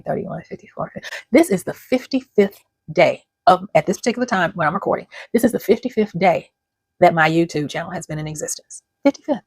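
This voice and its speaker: In a lowish voice with a breathy edge and no echo, a woman in her fifties who hosts a channel speaks earnestly to camera. Her motivational talk is personal and emotional, bringing her close to tears now and then.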